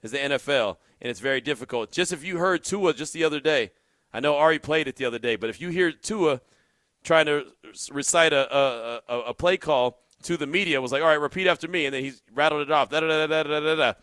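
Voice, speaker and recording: A man hosting a call-in sports radio show, energetic and animated, speaking from a radio studio. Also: mid-range voice, a little fast, dry recording. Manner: energetic, animated, shouts when excited. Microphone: studio mic.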